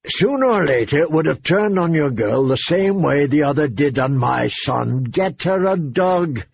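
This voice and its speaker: A man's voice: on the high side, animated, measured pace, gravelly, highs cut off, slight background noise, pitched above the performer's own voice. A man voicing an angry, stubborn king who gives curt commands. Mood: commanding.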